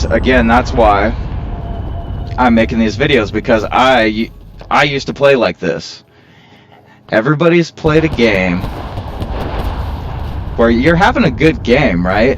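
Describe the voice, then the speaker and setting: A man's voice: medium pitch, expressive, measured pace, pauses often. A man talks through his gameplay in a loose, rambling way, poking fun at himself and grumbling as he goes. His voice swings up and down with plenty of life, over a faint background hiss. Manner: rambling, self-mocking, prone to complaining. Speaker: gaming video creator. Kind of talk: casual gameplay commentary.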